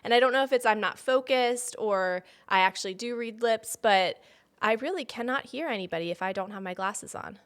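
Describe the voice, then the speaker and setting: A woman's voice: fairly high pitch, brisk, fairly bright tone, clear, resonant tone. A young adult woman co-hosting a podcast, chatting casually with dry, teasing banter. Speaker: podcast co-host. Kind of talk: casual gossip chat.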